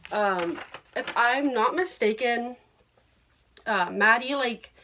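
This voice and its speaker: A young woman hosting a podcast, gushing excitedly and swearing freely in a casual chat. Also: fairly high pitch, slow. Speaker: podcast host.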